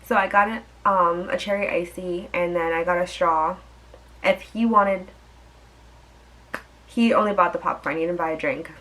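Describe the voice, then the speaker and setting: A woman's voice: on the low side, fairly even intonation, normal speed, long pauses, fairly bright tone, slight background noise, poor audio. A young woman vlogger telling a dating story in a chatty, exasperated way, full of fillers and asides. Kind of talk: storytime vlog.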